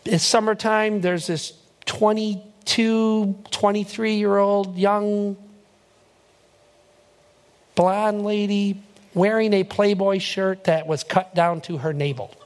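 A man's voice: high voice, fairly even intonation, takes it slowly. A young male pastor telling a personal story in a sermon, acting out his own reactions and building to emphatic preaching. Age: young adult.

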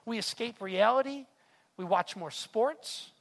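A man's voice: high voice, measured pace. A man preaching a sermon in an earnest, confessional way, often repeating words as he speaks to the room. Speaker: pastor. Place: church hall. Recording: long hall reverb.

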